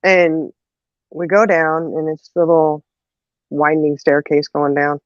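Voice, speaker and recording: A woman's voice: deep voice, a little slow, dry recording, highs cut off. A woman telling a family story in a casual chat, laughing often and acting out the voices of the people in it. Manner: animated, laughs often, acts out quoted voices. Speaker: podcast co-host telling a story.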